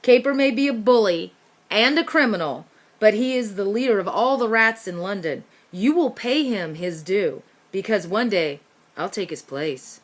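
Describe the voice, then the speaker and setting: A woman voicing a calm, ambitious young male street rat who speaks in a matter-of-fact way in a storybook reading. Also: mid-range voice, moderate pace, close to an everyday voice.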